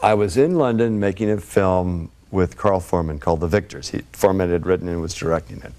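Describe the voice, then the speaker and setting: A man's voice: low-pitched, quick pace, darkish tone. A man telling rambling, laughing anecdotes as a guest on a TV talk show. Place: TV studio.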